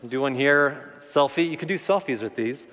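A man's voice: medium pitch, normal speed. A man preaching a sermon as pastor, talking conversationally, repeating words and rising with emphasis. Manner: conversational, animated preaching with repetitions. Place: church sanctuary. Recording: long reverb of a large hall.

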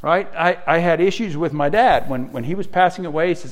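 A male pastor preaching a sermon earnestly, often repeating words as he thinks, and rising high and loud to stress a point. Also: brisk, few pauses. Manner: repeats words while thinking, with soft asides.

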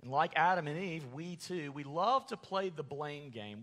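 Male preacher, sermon, slightly high pitch, animated delivery, long reverb. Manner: animated preaching, acts out angry quotes with sarcasm. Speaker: pastor.

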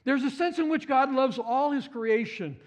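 A man preaching a sermon with passion, swinging from hushed repetition to excited exclamation. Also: very high voice, normal speed. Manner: impassioned, swings from hushed to exclaiming, repeats phrases.

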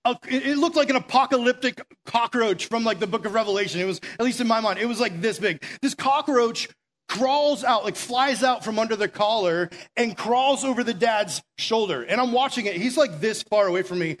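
A man's voice: very high-pitched, fairly quick, fairly bright tone. A young man giving a casual youth sermon, telling stories in a chatty way full of "like" and "right?". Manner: chatty storytelling, lots of "like" and "right?". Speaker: youth pastor. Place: church meeting room.

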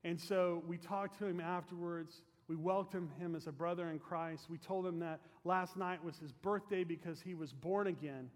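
A man preaching a storytelling sermon as pastor, earnest and fervent, letting his phrase ends fall soft, then leading a prayer. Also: high voice, fairly even intonation, moderate pace, few pauses, long reverb tail.

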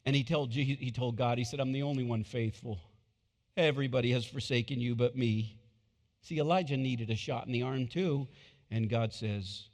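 A male pastor delivering a sermon, shifting from quiet, intimate passages to loud, excited bursts, on a wireless body mic. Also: medium pitch, big-room sound.

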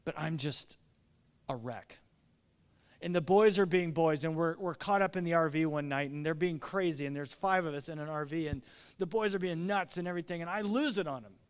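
A man's voice: high-pitched, normal speed, clean tone. Earnest man preaching in a reverberant hall. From American Midwest. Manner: earnest, confessional, animated storytelling. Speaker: pastor. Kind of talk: sermon.

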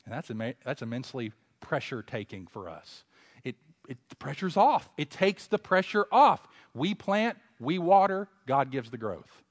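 A preacher with a ringing hall echo. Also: male voice, sing-song, measured pace. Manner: builds to loud emphatic exhortation, then drops low; conversational asides and self-corrections. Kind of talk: expository sermon.

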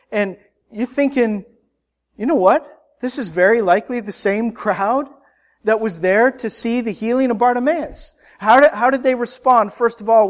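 A middle-aged male pastor preaching a sermon, building emphasis and often repeating words as he speaks. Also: high voice.

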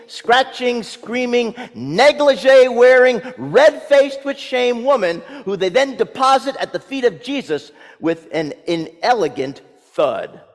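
A man's voice: extremely high pitch, in a large hall. A man preaching a sermon, telling the story vividly and dramatically with touches of humor.

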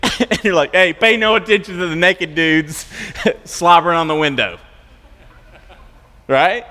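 Guy pastor preaching, pretty high voice, chatty storytelling w lots of restarts, big echoey hall. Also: a bit bright. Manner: conversational storytelling, restarts and repeats words. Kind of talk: sermon.

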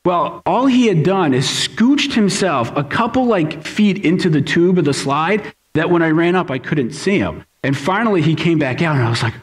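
Male pastor, 30s, animated storyteller with a somewhat high voice, preaching. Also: slightly rough. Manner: lively storytelling, quick asides. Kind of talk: sermon with personal stories.

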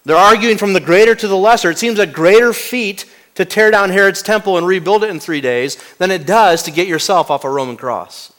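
Pastor delivering a sermon, dramatic, voice falling to a near hush, fairly high-pitched man. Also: a little fast, hardly any pauses. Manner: dramatic, swinging from loud to hushed; rhetorical questions to the congregation.

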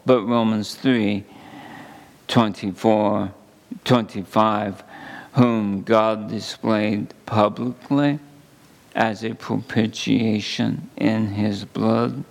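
Slow, gravelly-voiced male preacher. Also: fairly low pitch. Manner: slow, deliberate scripture reading with emphatic pauses. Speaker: pastor. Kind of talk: sermon.

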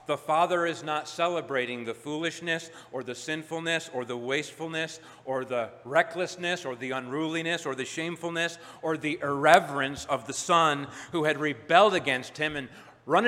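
A man preaching a sermon as pastor, emphatic, building to loud peaks and dropping low. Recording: long hall reverb.

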